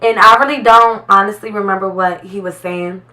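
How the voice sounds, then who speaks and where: A young woman vlogger telling a story in a casual, animated way, full of "like". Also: mid-range voice, normal speed, distant mic, rough recording.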